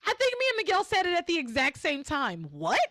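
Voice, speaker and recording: A woman's voice: extremely high pitch, big pitch swings, fast talker, fairly bright tone, no echo, clean studio sound. A woman podcast host in casual chat, animatedly retelling scenes and acting out the quotes.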